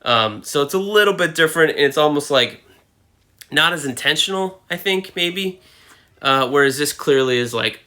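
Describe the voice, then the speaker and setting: A man's voice: a little high, lively intonation, normal speed, bright, forceful tone. A man hosting his own comic book video channel, giving casual, rambling commentary full of fillers and self-corrections.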